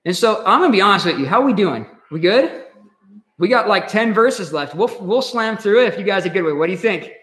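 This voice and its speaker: Male pastor for a casual home Bible study, lively pitch, chatty and slangy. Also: brisk, echoey room. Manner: animated, conversational, slangy.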